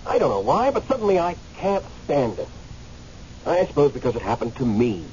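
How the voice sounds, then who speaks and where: A man's voice: mid-range voice, big pitch swings, a little fast, a little mellow, close to an everyday voice. An actor playing a man who has just died and lingers in limbo, hesitant and stammering at times, then impassioned, in a radio drama. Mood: earnest, agitated. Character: newly dead man, angry, pleading. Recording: muffled radio recording, faint hiss.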